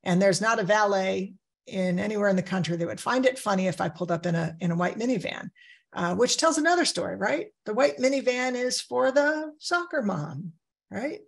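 A woman's voice: medium pitch, animated, fairly quick, gravelly, husky. A woman trainer giving a conversational training presentation on crisis care, telling personal anecdotes along the way.

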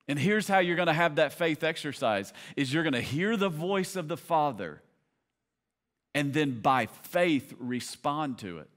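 A man's voice: a little high, a bit bright. A man in his thirties preaching a sermon, moving from easy storytelling to fervent preaching. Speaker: pastor. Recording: reverberant hall.

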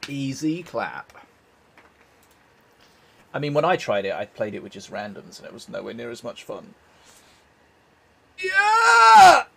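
A man's voice: fairly low pitch, fast, vocal fry, few pauses, slight background noise. A man streaming a co-op game, talking laid-back and swearing casually.

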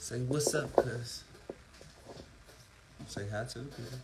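A man's voice: medium pitch, takes it slowly, very noisy. A man on a live phone stream, talking loosely with lots of profanity while his dogs are around. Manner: loose, profane street talk. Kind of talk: casual live-stream talk.

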